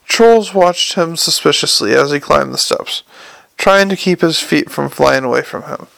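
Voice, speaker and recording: A man reading an audiobook aloud in steady, scripted narration and voicing each character. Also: a little high, normal speed, gravelly, no room sound. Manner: even storytelling, voices each character.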